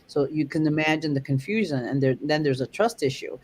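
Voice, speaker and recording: Dog trainer, mid-pitched, halting delivery, keeps restarting sentences. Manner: rambling, halting, many restarts. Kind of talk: casual chat.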